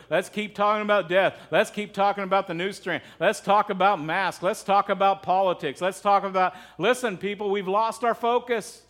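A man's voice: sits high, fairly bright tone. A middle-aged man preaching as pastor, conversational and often asking his congregation questions. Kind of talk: sermon.

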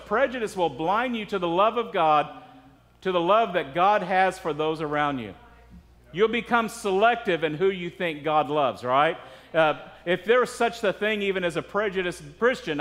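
A man's voice: high-pitched, fairly bright tone, big-room sound. A man preaching a sermon as pastor, earnest and conversational, with frequent asides to the congregation.

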